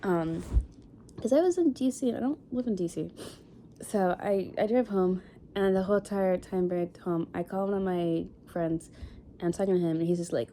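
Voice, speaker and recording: A woman's voice: lowish voice, moderate pace, dark tone, slight background noise. A young woman in her twenties telling a dating story in a casual vlog, rambling with lots of fillers and sniffling after crying. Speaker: vlogger.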